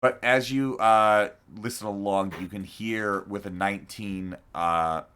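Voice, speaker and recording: Bright, slow-talking game master. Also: male voice, lowish voice, steady tone, clear, resonant tone. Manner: laughs often, loose and joking. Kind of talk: narrating a tabletop game.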